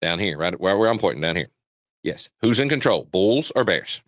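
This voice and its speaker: A man's voice: low voice, sing-song, normal speed, no room sound. A man presenting a trading webinar in a casual, repetitive way, often quizzing his listeners, on dull lo-fi webinar audio. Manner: chatty, repetitive, asks the audience questions. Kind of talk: casual live chart walkthrough.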